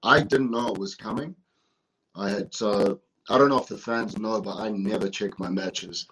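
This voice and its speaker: Husky, low-voiced New man. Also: steady tone, moderate pace, fairly bright tone, low-quality recording. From New Zealand. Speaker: guest, professional wrestler. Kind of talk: casual interview talk.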